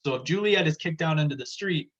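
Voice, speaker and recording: A man's voice: a little high, fast, fairly bright tone. A man teaching a class in a casual, chatty way, paraphrasing the text in plain words. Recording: dull lo-fi recording.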